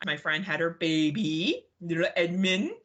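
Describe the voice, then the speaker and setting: Lively, bright-voiced woman joking around. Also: lowish voice, measured pace, dull audio. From Canada. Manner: laughing, swearing, rambling banter. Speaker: podcast co-host. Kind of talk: casual chat.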